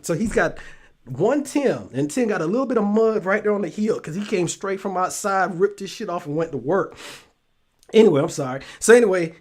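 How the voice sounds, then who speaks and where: A man hosting his own talk show, chatting casually to his viewers with frequent laughter, repeated phrases and free swearing. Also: sits high. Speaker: show host.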